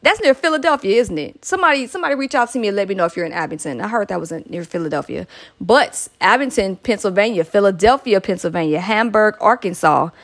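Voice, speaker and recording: A woman's voice: mid-range voice, expressive, quick pace. A woman hosts her podcast in a loose, casual way. She laughs often and drifts into playful asides. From Atlanta, Georgia. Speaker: podcast host.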